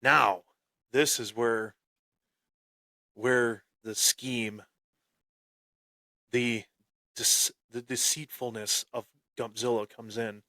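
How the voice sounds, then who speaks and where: Podcast guy bragging thru a wrestling story, slow drawn-out talk, gets loud in bursts, dry mic. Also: medium pitch, fairly even intonation, dry recording. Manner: boastful heel bravado with sudden loud bursts; repeats and restarts phrases. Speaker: podcast host.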